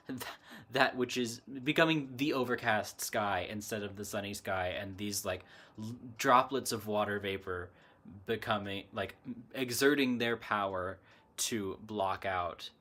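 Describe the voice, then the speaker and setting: A man's voice: fairly low pitch, bright, forceful tone. A man hosting a casual spiritual chat from his desk at home, meandering and correcting himself as he talks. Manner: meandering, self-correcting, chatty. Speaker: channel host. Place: home desk with computer and lamp.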